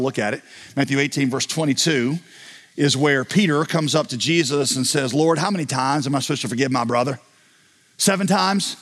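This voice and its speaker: A man preaching a sermon as a pastor, telling a parable with animated storytelling and acting out the voices of its people. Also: mid-range voice, big-room sound.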